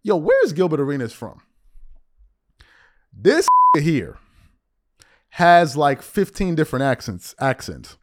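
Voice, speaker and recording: A man's voice: on the high side, takes it slowly, long pauses, background noise. A man giving a blunt, mocking sports commentary monologue as a podcast host, ranting about players and joking along the way. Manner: blunt, mocking, animated, teasing then insisting it's jokes.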